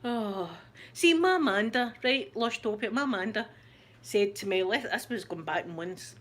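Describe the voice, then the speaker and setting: A middle-aged Scottish woman, the host of her channel, telling a story in a casual chat, animated and laughing often. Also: medium pitch, a little slow.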